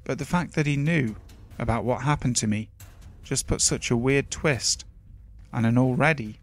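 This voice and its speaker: Male narrator, middle pitch, measured horror-story reading, soft music bed. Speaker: narrator of submitted stories. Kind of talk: scripted narration of horror stories. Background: faint music.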